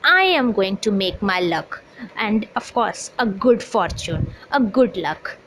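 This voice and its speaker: A woman's voice: medium pitch, lively intonation, takes it slowly, a bit bright, slight background noise, low-quality recording. A woman, lecturing students on a poem and repeating each point to explain it. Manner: repetitive, explanatory, paraphrases lines aloud. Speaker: English teacher.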